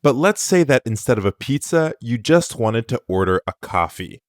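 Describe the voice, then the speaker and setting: A man co-hosting an audio language lesson, explaining words clearly and praising the listener in a scripted way. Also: mid-range voice, big pitch swings, moderate pace, no echo, studio quality. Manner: clear, instructive, encouraging.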